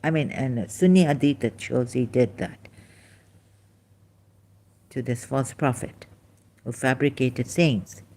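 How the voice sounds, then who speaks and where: Woman, online commentator: unhurried, halting, deep and mellow in tone. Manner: rambling, halting, with many restarts and rhetorical questions. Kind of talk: informal critical commentary monologue.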